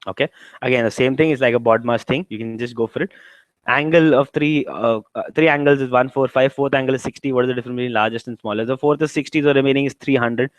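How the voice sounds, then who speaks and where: A man's voice: medium pitch, fairly even intonation, fast talker, dry recording, rough recording. A man with an Indian English accent, lecturing on exam preparation and walking through questions step by step with frequent rhetorical questions. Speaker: exam prep tutor. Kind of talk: classroom lecture.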